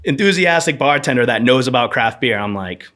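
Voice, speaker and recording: A man in his thirties, a podcast guest, telling rambling animated anecdotes about his bartending years in a casual interview. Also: mid-range voice, fairly quick.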